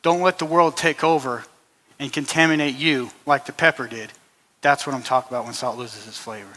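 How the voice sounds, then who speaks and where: A man's voice: medium pitch, steady tone, a little fast, sharp tone. A man giving an informal testimony at a church service, telling stories conversationally, often repeating words and adding "you know.". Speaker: guest speaker and musician at a church service. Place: church hall. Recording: long reverb of a church hall.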